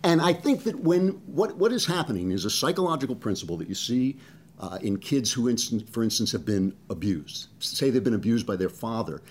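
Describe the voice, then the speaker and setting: A male commentator with a mid-range voice whose pitch swings widely as he talks. He is animated and conversational, with a sarcastic edge. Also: fairly quick, slight background noise. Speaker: talk show host. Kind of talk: political commentary monologue.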